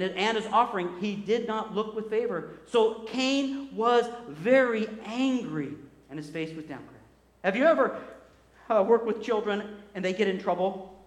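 A man preaching a sermon as pastor, animated and acting out the voices he quotes. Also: high voice. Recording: echoey hall.

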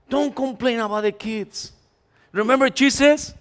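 A man's voice: very high-pitched, measured pace. A man preaching a humorous sermon in a church, mixing in some Spanish and acting out complainers. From Latin America. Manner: animated, jokey, acts out complainers, mixes in Spanish. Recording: reverberant church hall.

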